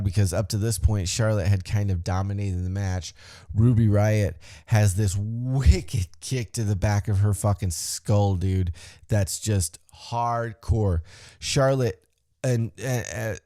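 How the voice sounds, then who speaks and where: A man's voice: lowish voice, no room sound, clean studio sound. Casual, profane man recapping wrestling. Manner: animated, profane, acts out wrestlers' lines. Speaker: podcast host.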